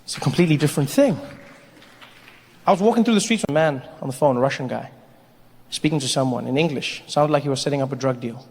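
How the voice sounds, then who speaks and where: A man doing stand-up comedy in a large theater, animated and acting out voices. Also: mid-range voice, fast, pauses often, slight background noise. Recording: echoey hall, faint crowd.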